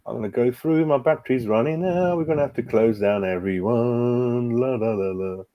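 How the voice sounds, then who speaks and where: A man's voice: medium pitch, moderate pace, highs cut off. A man, hosting a casual live stream as a football fan, chatting and reading out viewers' comments. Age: 40s. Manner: chatty, reads chat aloud, calls everyone mate. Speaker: fan channel host.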